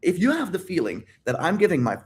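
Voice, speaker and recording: A man's voice: sits high, huge pitch swings, fast talker. Man, livestream coach, emphatic and repetitive, swears a lot, talks straight to chat. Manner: addresses viewers directly. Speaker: dating and life coach.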